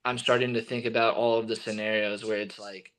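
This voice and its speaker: A young man from Texas, a baseball pitcher, telling stories in a casual interview and acting out what others said. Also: brisk. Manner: animated storyteller, acting out quotes.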